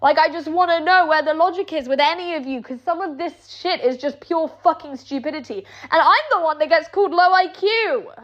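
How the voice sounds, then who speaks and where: A woman's voice: extremely high pitch, a little fast, hardly any pauses, lo-fi sound. A young woman with a British accent delivering a heated, sarcastic rant full of swearing. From Britain. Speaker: online personality. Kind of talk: angry streamed rant.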